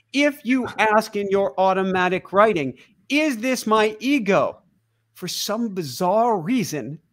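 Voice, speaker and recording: A man as a guest teacher explaining things in casual conversation, animated and laughing often. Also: high voice.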